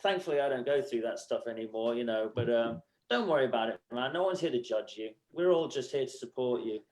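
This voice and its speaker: A man's voice: medium pitch, a little fast. An English man, a musician guest on a podcast, telling self-mocking stories in casual chat. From England. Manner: animated storytelling, self-mocking, laughs often.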